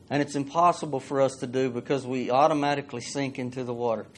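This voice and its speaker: A man preaching, folksy and conversational. He reads scripture aloud and keeps turning to the congregation with questions. His voice sits at a middle pitch. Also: fairly even intonation, fast, few pauses. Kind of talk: sermon.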